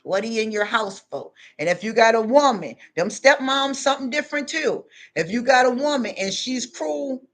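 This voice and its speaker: A woman's voice: fairly high pitch, lively intonation, moderate pace, hardly any pauses. A woman vlogger giving a preachy spiritual pep talk to her viewers, emphatic and repetitive, with casual slang. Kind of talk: preachy motivational monologue.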